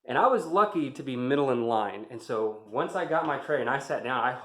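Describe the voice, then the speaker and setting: Guy rambling about army days, cusses a lot, gets heated, middle pitch, echoey room. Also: animated, a little fast, a bit bright. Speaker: army veteran vlogger. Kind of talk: casual storytelling. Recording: roomy echo.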